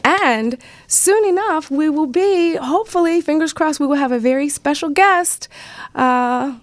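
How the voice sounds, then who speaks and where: A woman's voice: sits high, unhurried, a little hiss or hum. A woman hosting a radio talk show, bubbly and effusive, a little congested from a cold. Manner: bubbly, effusive, gushing praise. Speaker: radio host.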